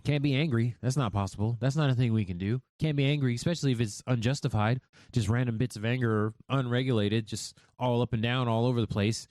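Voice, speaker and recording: A man's voice: medium pitch, fast talker, darkish tone, no room sound, studio quality. A man from the United States hosting a podcast, talking candidly and thoughtfully with frequent restarts. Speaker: podcast host. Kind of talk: reflective solo podcast talk.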